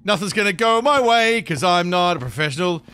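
Excitable high-voiced gaming streamer. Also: male voice, fairly quick, clean tone. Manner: excitable, chatters to game creatures, bursts into shrieks and laughter. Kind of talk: live gameplay commentary.

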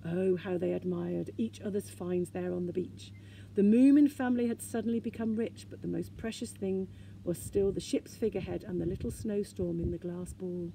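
A woman teacher reading a children's storybook aloud in a gentle, expressive way. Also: lowish voice, normal speed, gravelly, slight background noise.

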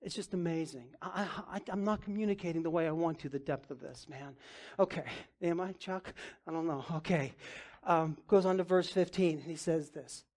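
A man preaching a sermon as pastor, emphatic, with casual asides, swinging from loud and urgent down to low and quiet. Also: normal speed. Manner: emphatic, rising to near-shouting then dropping low.

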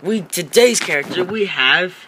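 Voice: mid-range voice, normal speed, pushed and bright, a little hiss or hum. A toy-video creator chatting casually and rambling with lots of fillers while narrating their toy play at home.

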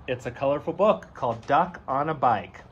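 A man reading a picture book aloud to children in a gentle, unhurried way, adding chatty asides between the pages. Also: mid-range voice, lo-fi sound, slight background noise. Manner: animated, lively voice. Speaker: storybook reader.

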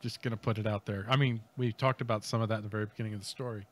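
A man's voice: on the low side, steady tone, racing. A man co-hosting a podcast, reading out a news story and riffing on it with jokes, laughter and mock voices. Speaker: podcast co-host. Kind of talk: comedic news commentary.

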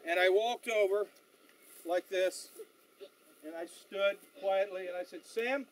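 Guy giving a tour outside, pretty high voice, lots of uhs, tells stories. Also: a little hiss or hum, rough recording. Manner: animated storyteller, halting with fillers. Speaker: battlefield tour guide. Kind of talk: outdoor guided tour talk. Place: outdoors on a battlefield.

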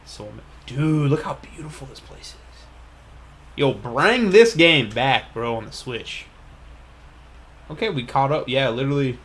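A man's voice: mid-range voice, animated, unhurried, long pauses. A man hosting a let's play with hype, slangy game commentary. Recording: commentary over loud game music. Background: game music.

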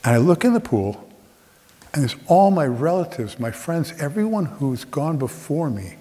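A man's voice: on the high side, big pitch swings, moderate pace, mellow. A middle-aged man performing a reflective storytelling monologue on a theater stage, with dramatic shifts of tempo. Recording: theater with long reverb.

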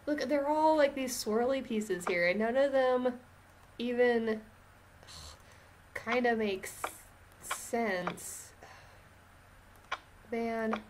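A woman's voice: on the high side, very slow, pauses often, noisy background. A woman chatting casually while playing a video game, often frustrated and sighing. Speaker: let's-play gamer. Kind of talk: casual gameplay chat.

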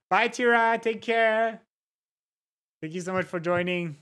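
A woman hosting a casual livestream, reacting to videos with giggly, animated chatter. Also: medium pitch, a little slow, long pauses. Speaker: livestream host.

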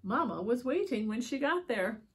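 A woman reading picture books aloud to young children, expressive, with gasps and drawn-out words. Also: on the high side. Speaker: storytime reader.

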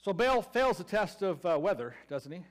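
High-voiced Southern preacher, sarcastic storytelling. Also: male voice, big pitch swings, normal speed. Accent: Southern American. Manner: storytelling with playful sarcasm, acting out quotes. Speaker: pastor. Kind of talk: sermon.

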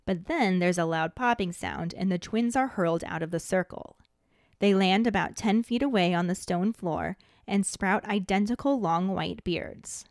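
Woman host reading a chapter recap, even and steady, dry close sound. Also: medium pitch, moderate pace, dry recording. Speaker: podcast host. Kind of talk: scripted narration of a book recap.

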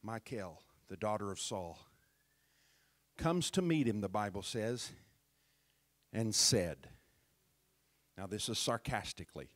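Slow, dry-voiced man preaching. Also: on the low side, lively intonation, no echo. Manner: conversational preaching with rising shouted climax. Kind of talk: sermon. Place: church.

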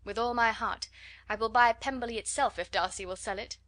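A woman doing a genial young gentleman. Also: a little high, fairly even intonation, brisk, no room sound, natural voice.

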